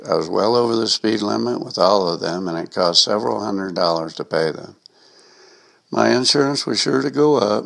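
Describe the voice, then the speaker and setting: A man with a gravelly voice reading a personal anecdote aloud, in a wry, self-mocking way. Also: low voice, fairly bright tone. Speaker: storyteller.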